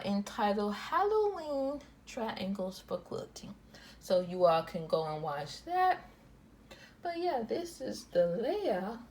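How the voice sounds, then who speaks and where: Woman, quilting vlog host, slow unhurried delivery, rambling and repetitive, faint background hiss. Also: medium pitch, a little mellow, rough recording. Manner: slow, rambling, repeats herself. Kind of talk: casual show-and-tell vlog.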